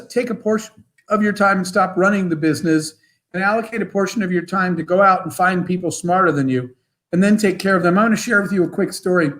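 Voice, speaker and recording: A man, a guest entrepreneur, telling motivational stories in an interview in an animated, quick way. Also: high-pitched, low-quality recording. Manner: animated, fast storyteller with bursts of laughter.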